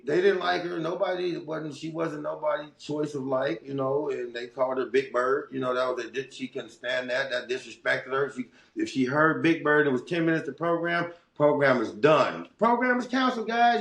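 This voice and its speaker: Middle-aged LA guest, gravelly, streetwise storyteller, roomy echo. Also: male voice, a little high, fairly bright tone. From Los Angeles. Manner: rambling, streetwise, many restarts and "you know what I'm saying". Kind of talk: casual storytelling interview.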